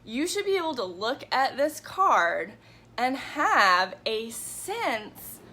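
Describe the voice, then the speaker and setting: Woman, 30s, bubbly live-stream tarot teacher, bright voice, a bit high. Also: big pitch swings, slow. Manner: bubbly, chatty, greets viewers by name. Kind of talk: casual morning live stream.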